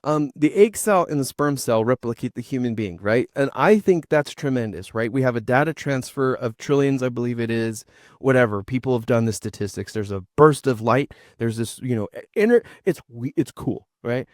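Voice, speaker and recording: A man hosting a casual talk show, animated, swearing and stumbling over his words. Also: mid-range voice, moderate pace, no echo, clean studio sound. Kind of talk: casual chat.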